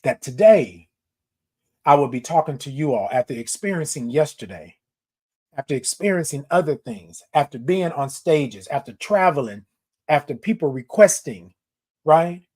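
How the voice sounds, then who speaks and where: A man's voice: a little high, animated, normal speed, a little mellow. A man in his forties hosting a live stream, talking casually and affectionately to his viewers, repeating his phrases for emphasis. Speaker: host of a live-stream show.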